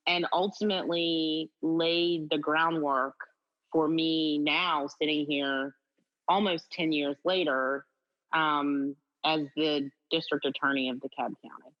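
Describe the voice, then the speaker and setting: Low-voiced woman telling a story. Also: slow. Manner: animated storyteller, many fillers. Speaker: guest, district attorney. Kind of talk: storytelling in an interview. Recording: slightly dull audio.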